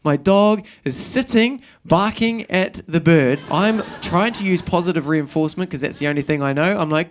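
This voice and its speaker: Kiwi bloke doing stand-up, fairly high voice, rambly self-deprecating stories, acts bits out. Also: male voice, normal speed, few pauses. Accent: New Zealand. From New Zealand. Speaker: stand-up comedian. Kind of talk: stand-up storytelling. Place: stage at a live comedy show.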